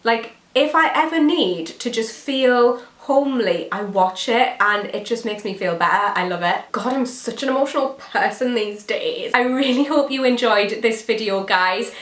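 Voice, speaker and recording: A woman's voice: a little high, moderate pace, few pauses, a bit bright. A young woman chatting casually as a beauty vlogger, gushing and enthusiastic about her favourites. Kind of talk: casual chat. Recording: echoey room.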